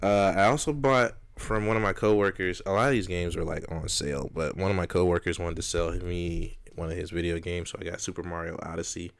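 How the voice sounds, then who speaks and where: A man's voice: deep voice, steady tone, brisk, creaky, hardly any pauses, clear, resonant tone. A man co-hosting a casual podcast in a laid-back, joking way, swearing freely. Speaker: podcast co-host. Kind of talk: casual chat.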